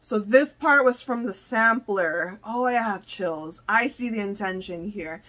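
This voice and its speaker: A woman's voice: mid-range voice, measured pace, bright, forceful tone. A young woman hosting a music reaction, gushing and exclaiming, often repeating herself as she reacts. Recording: song playing in the background.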